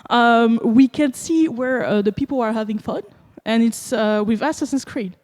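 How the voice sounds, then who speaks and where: The speaker is a French-accented woman presenting at a conference, loose and joking, with many fillers. Her voice is slightly high and a little mellow, moving at a moderate pace, and the hall leaves a long reverb behind it.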